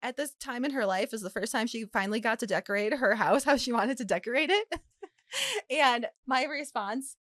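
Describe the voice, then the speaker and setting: A woman's voice: fairly high pitch, animated, moderate pace, fairly bright tone, dry recording, studio quality. A woman co-hosting a casual podcast, laughing often as she chats. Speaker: podcast co-host. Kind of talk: casual chat.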